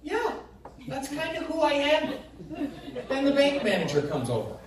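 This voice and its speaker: A man's voice: very high-pitched, huge pitch swings, normal speed, very echoey, distant mic, a little hiss or hum. A man doing stand-up, telling a profane, exasperated story from a comedy club stage. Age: adult parent. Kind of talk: stand-up set.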